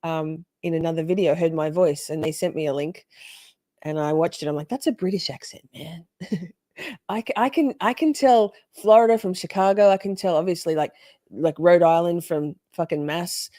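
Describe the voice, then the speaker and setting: A woman's voice: fairly low pitch, normal speed, warm tone, dry recording, clean studio sound. Chatty, foul-mouthed Australian woman streamer. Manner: chatty, swears freely, gushing. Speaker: live-stream host reacting to a trial. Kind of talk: casual live-stream commentary.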